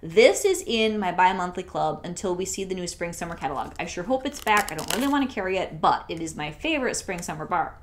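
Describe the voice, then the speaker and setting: A woman talking through a product haul in a casual vlog, gushing and chatty, sometimes dropping to a soft near-whisper. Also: on the low side, expressive, fast, hardly any pauses, slight background noise. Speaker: scent consultant and channel host.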